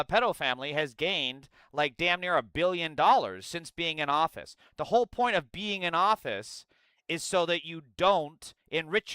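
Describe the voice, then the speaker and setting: Sarcastic, bright-voiced male streamer ranting. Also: on the high side, clean tone, no echo. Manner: mocking impressions in a goofy voice. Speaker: political streamer. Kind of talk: live-stream commentary, reading chat.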